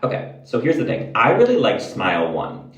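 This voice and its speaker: A man's voice: medium pitch, wildly swooping pitch, normal speed, dull audio. Rambling, candid man, roomy sound. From United States. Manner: rambling, candid, swears a lot. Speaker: vlogger. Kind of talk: casual chat to camera. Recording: roomy, mic at a distance.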